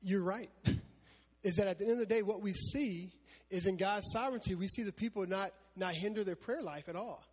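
A man preaching a casual Bible lesson, chatty and animated, with many fillers. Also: high voice, moderate pace, big-room sound.

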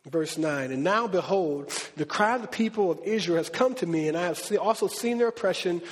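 Husky-voiced man teaching in an echoing hall. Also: high-pitched, fairly quick, hardly any pauses. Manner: animated, conversational, acts out quotes. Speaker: preacher. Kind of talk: casual Bible teaching. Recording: reverberant hall.

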